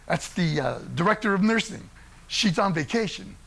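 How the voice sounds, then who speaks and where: A matter-of-fact woman behind a front desk, as a storyteller puts her on. She asks routine questions in a dry tone, the voice high and gravelly. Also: animated, moderate pace, pushed and bright, exaggerated voice.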